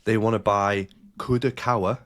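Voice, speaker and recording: A man's voice: lowish voice, fairly even intonation, moderate pace, a bit bright. A man hosting a casual podcast, joking around and reading news stories aloud with his own asides. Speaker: podcast host. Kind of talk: casual chat.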